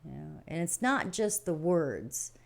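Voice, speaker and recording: With a low, creaky voice that is very animated yet measured in pace, a middle-aged woman livestreams a folksy spiritual talk. She speaks plainly, wanders and repeats points, and laughs frequently.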